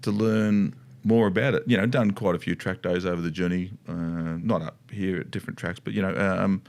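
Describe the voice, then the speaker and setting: A man's voice: sits low, fairly even intonation, a little fast, gravelly, a little mellow. A middle-aged Australian man co-hosting a casual talk about riding, rambling with many restarts and asides. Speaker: motorcycle dealership co-host. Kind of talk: casual chat.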